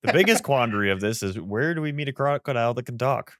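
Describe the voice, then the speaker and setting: A man's voice: medium pitch, expressive, fast talker. A man cracking jokes and laughing often in a casual group chat.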